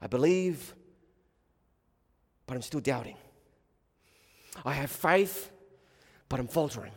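A man preaching a sermon in short, deliberate phrases with long pauses. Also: medium pitch, animated, big-room sound.

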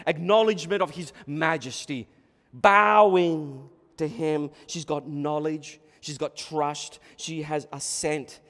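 A man preaching a sermon in a church hall, telling the story with animated, dramatic delivery. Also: high-pitched. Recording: echoey hall reverb.

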